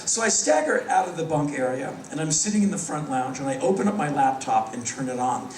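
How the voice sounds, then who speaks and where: An American man in his fifties telling stories on stage in a wry, animated way, acting out the voices of people he quotes. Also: on the high side, a little fast, a little hiss or hum. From United States. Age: 50s. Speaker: spoken word performer. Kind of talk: live stage storytelling. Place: large concert hall. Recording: echoey hall from far off.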